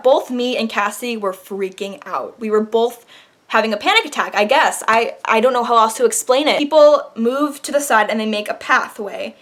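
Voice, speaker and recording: A young woman vlogger telling a dramatic personal story in an animated, casual way. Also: on the high side. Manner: animated, dramatic retelling with laughs. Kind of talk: storytime vlog.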